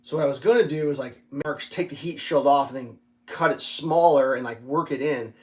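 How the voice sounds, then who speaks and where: A man's voice: mid-range voice, brisk. A man ranting casually in a vlog about installing parts on his vehicle, frustrated and swearing often, with lots of filler words. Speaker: vlogger working on his off-road vehicle.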